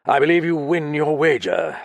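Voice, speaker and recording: A man reading as a proud, aloof older gentleman with a harsh, stiff, formal way of speaking, in an audiobook. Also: on the low side, expressive, moderate pace, gravelly, breathy edge, dry recording, exaggerated voice. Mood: stiff, cold. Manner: clipped formal speech.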